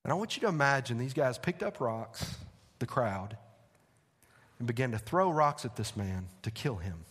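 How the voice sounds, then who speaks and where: A male pastor, preaching a sermon in a church with animated, conversational asides. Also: mid-range voice, moderate pace, breathy edge. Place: church sanctuary. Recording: long hall reverb.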